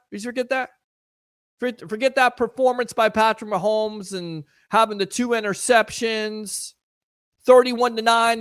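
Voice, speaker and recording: A man's voice: sits high, a bit bright, clear, resonant tone, no room sound, studio quality. A man hosting a casual sports talk show, riffing sarcastically and chatting with listeners.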